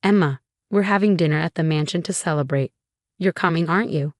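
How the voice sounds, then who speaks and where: A cold, cutting older mother-in-law, full of scorn, as a woman narrator reads her in a lowish, dry voice. Her words come clipped and sharp. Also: fairly quick, no room sound, close to an everyday voice. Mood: commanding.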